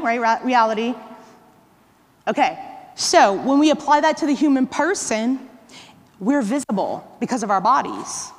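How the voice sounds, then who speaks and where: A high-pitched woman teaches a live workshop in a large hall, and her voice rings with long reverb. She keeps it conversational and keeps checking in with her listeners. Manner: conversational, checks in with "right?" and "okay?". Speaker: workshop presenter. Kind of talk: live teaching talk to catechists.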